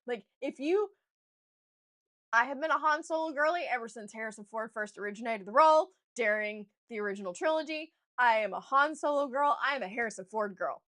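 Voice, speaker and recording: A young woman with a high-pitched voice talks casually to her viewers during a writing stream. She tells a story with fan excitement, laughing and restarting as she goes. Her tone is bright and clear. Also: brisk. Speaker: author streaming a writing session.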